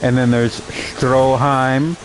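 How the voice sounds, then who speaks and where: A man's voice: mid-range voice, flat delivery, takes it slowly, noisy background. A young adult man giving casual, rambling gaming commentary, full of fillers and amused asides.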